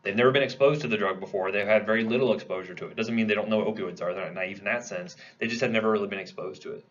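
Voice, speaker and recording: A pharmacology lecturer speaks very fast in a lowish, slightly bright voice, though the audio is dull. He lectures conversationally, posing questions to the class and answering them himself.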